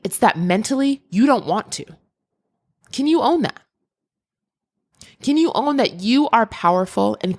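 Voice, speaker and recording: A woman hosting a podcast, giving an emphatic motivational monologue that repeats key phrases and speaks straight to the listener. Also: medium pitch. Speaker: podcast host and creativity mentor.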